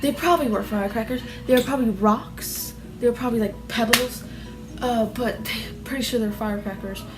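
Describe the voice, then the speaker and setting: Talking a little fast in a fairly high voice, a woman tells a story for her vlog over background music. It's casual and rambling, packed with "like" fillers, and she seems restless and fidgety throughout.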